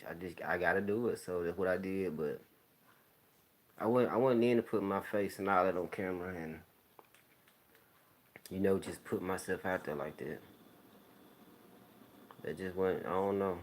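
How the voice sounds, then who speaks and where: A man hosting his own YouTube channel, telling stories to viewers in a relaxed, rambling way with plenty of slang. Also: low-pitched, moderate pace, long pauses. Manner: laid-back, rambling storytelling with slang. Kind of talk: casual talk to viewers.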